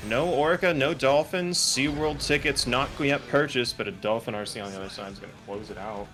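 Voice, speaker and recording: A man commentating an online fighting game tournament, calling moves quickly and joking between plays. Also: medium pitch, music in the background. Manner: excitable, joking, rapid technical call-outs. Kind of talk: esports play-by-play commentary. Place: home setup, online broadcast.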